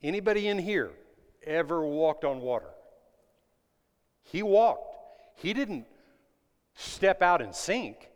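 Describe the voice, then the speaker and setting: A man preaching a sermon to his congregation, swinging between loud emphatic lines and hushed ones and asking them questions. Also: on the high side, expressive, slow pace, pauses often. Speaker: pastor. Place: church sanctuary. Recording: long reverb of a large hall.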